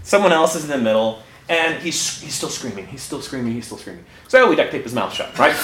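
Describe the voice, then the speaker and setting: A man telling a personal story, animated, often laughing as he talks and acting out his own reactions. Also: extremely high pitch. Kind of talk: personal story told live. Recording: echoey room with background noise.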